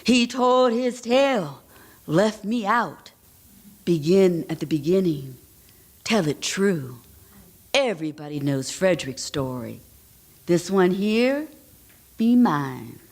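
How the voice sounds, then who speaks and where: A woman voicing a dying wife who speaks her mind, with a Southern US dialect and the slow rhythm of oral storytelling. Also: on the low side, animated, darkish tone, heavily acted. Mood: longing, defiant.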